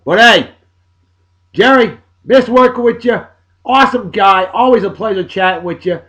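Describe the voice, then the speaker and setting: Man, 40s, somewhat high voice, jokey, loud bursts and mumbled asides, casual vlog shout-outs. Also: moderate pace. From Massachusetts, USA. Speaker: video blog host.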